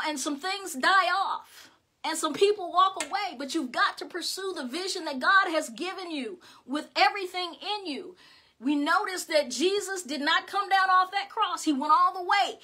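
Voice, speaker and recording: High bright-voiced woman preaching. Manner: impassioned preaching, repeats words when stirred; rhythmic repeated exhortations. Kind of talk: sermon.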